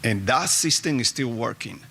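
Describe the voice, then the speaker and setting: Earnest man with a bright voice. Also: mid-range voice, animated, normal speed, gravelly, breathy edge. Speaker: resident at public comment. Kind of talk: public comment at a meeting.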